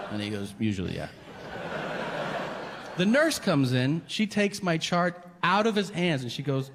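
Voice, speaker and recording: Speaking briskly in a mid-range voice, the comedian acts out a two-sided dialogue in a lively, foul-mouthed bit. Laughter rolls through the large venue, captured with long hall reverb.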